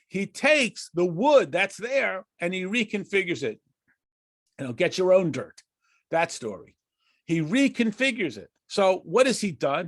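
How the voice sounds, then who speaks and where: Lively American man teaching a class. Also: high-pitched, dry recording, studio quality. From United States. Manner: lively, questioning, with frequent restarts and chuckles. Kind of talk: conversational Torah lesson.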